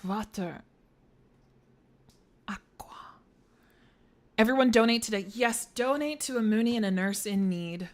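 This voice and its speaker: A woman's voice: fairly high pitch, a little fast, hardly any pauses. A woman streamer giving let's play commentary, thinking aloud through puzzles, swearing freely and joking around. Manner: playful, jokes between puzzles.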